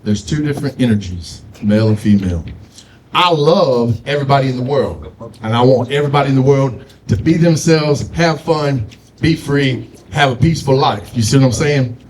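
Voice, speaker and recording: A man's voice: mid-range voice, moderate pace, darkish tone, a little hiss or hum. A man doing a stand-up comedy set, telling loose stories with frequent asides to the crowd. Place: comedy showcase stage.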